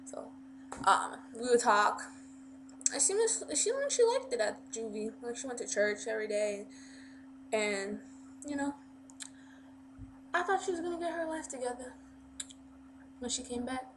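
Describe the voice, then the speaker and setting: A woman's voice: a little high, big pitch swings, a little slow, pauses often, noisy background. A woman vlogger telling a story casually, rambling with plenty of fillers and restarts.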